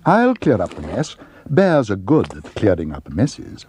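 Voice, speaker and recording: A man's voice: fairly low pitch, wildly swooping pitch, unhurried, noisy background. A man voicing a polite, earnest small bear in a storybook reading. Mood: eager.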